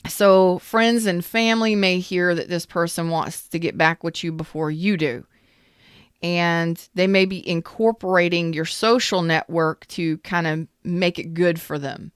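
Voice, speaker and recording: A woman's voice: lowish voice, steady tone, measured pace, smooth, dry recording, clean studio sound. A woman giving a live tarot reading in a chatty, blunt way, greeting viewers as she goes. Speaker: tarot reader.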